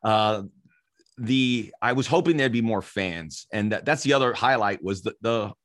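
Joking American podcast host. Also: male voice, lowish voice, moderate pace, a bit bright, no room sound, studio quality. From United States. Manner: playful, joking, with frequent restarts. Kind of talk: casual chat.

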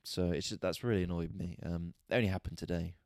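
A man hosting a podcast, telling a story in an exasperated, sweary, animated rant. He is a stand-up comedian talking casually. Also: sits low, fast, dry recording, studio quality. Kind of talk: casual ranting monologue.

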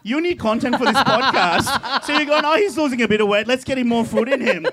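Man, comedian, very high voice, self-mocking, laughs a lot, live podcast in a pub. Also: a little fast, fairly bright tone. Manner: self-mocking, laughs through his lines, mimics voices. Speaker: comedian guest.

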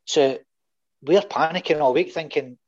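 A middle-aged Scottish man telling animated fan stories in a casual chat, acting out the quotes and swearing freely. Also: on the high side, measured pace, lo-fi sound. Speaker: guest fan. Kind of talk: casual storytelling.

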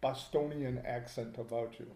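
A man's voice: medium pitch, fairly even intonation, moderate pace, mellow, roomy sound. A man co-hosting a podcast, chatting in a wry, laid-back way. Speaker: podcast co-host. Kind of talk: casual chat.

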